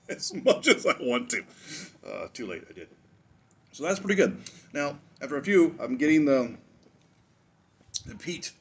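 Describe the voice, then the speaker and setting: A man's voice: mid-range voice, fairly bright tone, slight background noise. A man hosting a casual drinks review show, rambling through a tasting with jokes, asides and chuckles.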